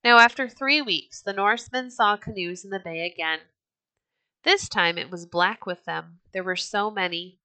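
Bright-voiced woman reading a storybook. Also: medium pitch, dry recording. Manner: measured, expressive read-aloud.

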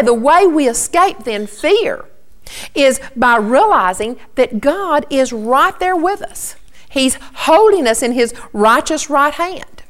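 A middle-aged woman preaching in a somewhat high voice. She teaches earnestly and steadily, walking her listeners through scripture passage by passage. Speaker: Bible teacher. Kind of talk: sermon.

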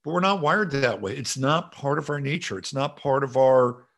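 A man's voice: medium pitch, normal speed, gravelly, fairly bright tone. A man hosting a livestream show, reading out viewer comments and musing aloud in a rambling, casual way with frequent swearing. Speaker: show host.

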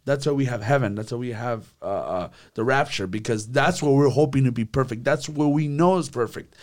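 Animated man leading a youth group talk. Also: medium pitch, a little fast. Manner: animated, acts out quotes, repeats words. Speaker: youth leader.

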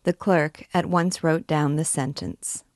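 A woman reading a classic novel aloud, narrating in a measured, steady way. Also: sits low, dry recording, studio quality. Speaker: book reader, guide.

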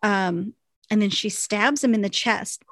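A woman co-hosting a podcast, casually retelling a TV episode with lively asides. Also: mid-range voice, unhurried, dry recording. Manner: animated retelling, quoting characters in voices. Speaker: podcast co-host recapping a TV episode. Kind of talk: casual chat. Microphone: desk microphone.

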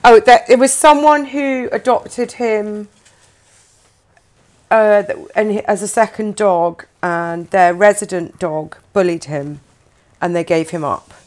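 A woman's voice: medium pitch, slow pace, a little mellow. A woman hosting a podcast, chatting casually and telling stories about her dog, laughing often. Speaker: podcast host. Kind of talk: casual chat.

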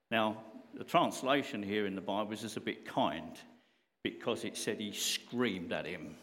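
Male preacher giving a sermon, pitch bouncing all over, talks earnest and chatty, big church echo. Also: lively intonation, unhurried. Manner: earnest, conversational, with rising emphasis on questions.

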